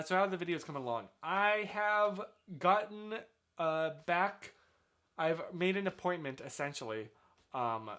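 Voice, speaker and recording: A man hosting a casual live stream from a small room at home, chatting with viewers in a chatty, effusive way. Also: on the high side. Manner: chatty, animated, effusive congratulations. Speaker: livestream host. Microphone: desk microphone, sometimes turned away.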